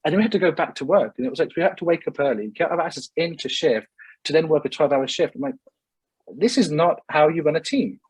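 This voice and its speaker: A man's voice: on the high side, fast, slightly rough, dry recording, poor audio. A man telling a story as a podcast guest, casual and blunt, swearing freely and tripping over repeated words.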